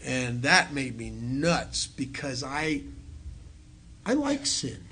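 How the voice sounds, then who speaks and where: Speaking slowly in a mid-range, sing-song voice with a sharp tone, a middle-aged man shares his recovery story with a live audience in a meeting hall, poking fun at himself. A little hiss or hum is audible.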